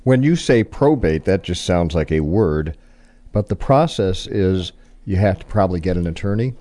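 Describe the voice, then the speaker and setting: A man hosting a casual talk show with a deep, mellow voice. He asks curious follow-up questions and restates the points his guest makes to check that he has them right. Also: lively intonation, moderate pace. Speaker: host.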